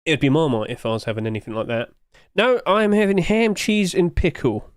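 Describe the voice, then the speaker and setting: A man's voice: fairly high pitch, brisk, no echo, clean studio sound. A British man from the UK, streaming from home and chatting casually and jokily with his viewers. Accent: British English. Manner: chatty, jokey, talks to his chat while eating.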